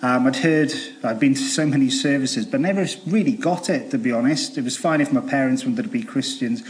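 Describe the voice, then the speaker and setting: A man's voice: medium pitch, brisk. A Welsh man in his thirties, a charity worker, telling his life story earnestly to a church audience, with many fillers and restarts. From Wales. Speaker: charity debt worker giving testimony. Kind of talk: testimony talk to a church audience.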